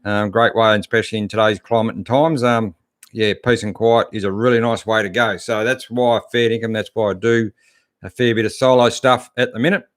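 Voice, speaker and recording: A man's voice: fairly low pitch, fairly even intonation, fairly quick, no room sound, clean studio sound. A middle-aged Australian man hosting a live-stream chat, laid-back and chatty, greeting viewers and answering their questions with plenty of fillers. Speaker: host.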